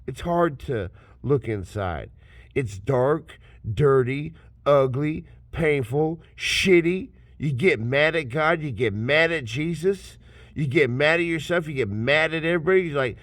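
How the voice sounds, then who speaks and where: Man, profane rant, lively swooping pitch, slow drawn-out delivery, dry close sound. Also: no room sound. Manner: swearing constantly, swings from mocking shouts to low mutters.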